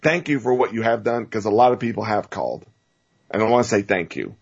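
A man's voice: on the low side, animated, fast talker, gravelly, breathy edge, highs cut off. A man hosting a talk show, ranting heatedly about politics with stammering restarts. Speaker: host.

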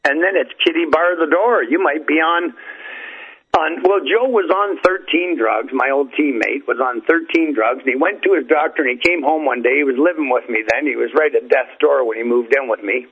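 An older man tells long, folksy stories in a rambling, easygoing way. His voice is husky, and the sound is thin and tinny, like a phone call. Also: on the high side, normal speed. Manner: folksy, rambling, with frequent fillers and restarts. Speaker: interview guest. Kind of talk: storytelling over the phone. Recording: tinny phone-line audio.

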